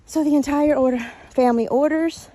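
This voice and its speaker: A woman's voice: high voice, fairly even intonation, fairly quick, mellow. A woman from Texas, telling a personal faith story earnestly, a little out of breath. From Texas, USA. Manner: earnest, quotes people in small voices.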